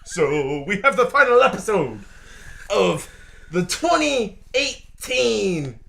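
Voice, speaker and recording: A man's voice: high-pitched, big pitch swings, slow pace, vocal fry, bright, forceful tone. A young man co-hosting a podcast, joking and swearing in casual banter. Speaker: podcast co-host. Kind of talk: casual chat.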